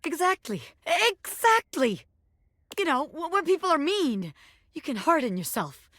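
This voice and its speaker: Bobby Pin, a tough little gangster pin. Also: female voice, high voice, very animated, normal speed, a bit bright, no room sound, clean studio sound. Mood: wistful. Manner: tough streetwise talk, tender underneath. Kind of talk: video game voice acting.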